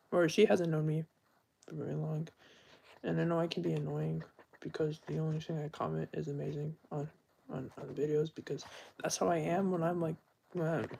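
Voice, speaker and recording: A man's voice: on the high side, vocal fry, a little mellow, breathy edge. A young man talking earnestly and at length on a live stream, often stopping to correct himself. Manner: earnest, rambling, self-correcting. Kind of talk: unscripted live-stream monologue.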